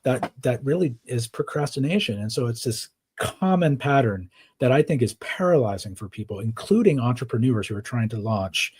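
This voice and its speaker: A man with a slightly husky voice talks through his ideas as a podcast guest. He explains in a conversational way and keeps checking in with the listener. His pitch sits in a middle range. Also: lively intonation, moderate pace, hardly any pauses, darkish tone. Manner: explains frameworks with many "right?" tags. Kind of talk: conversational interview.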